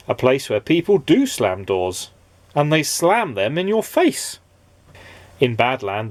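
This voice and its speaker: A dad reads a children's storybook aloud in a dry, close recording. His voice swoops up and down with lively expression, and his pitch sits in the middle range. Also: dry recording. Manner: expressive, playful reading.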